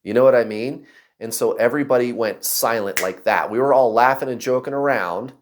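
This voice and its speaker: A man casually telling a personal story to camera, acting out other people's voices and shouts. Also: medium pitch, fast talker. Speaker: vlogger.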